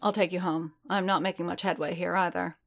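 A woman voicing a gruff, guarded male bounty hunter who speaks tersely and quietly. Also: lowish voice, steady tone, fairly quick.

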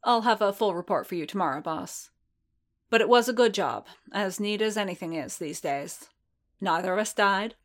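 A woman reading a story aloud and voicing a cool, sharp-tongued female mercenary who talks briskly and bluntly. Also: medium pitch, expressive, natural voice.

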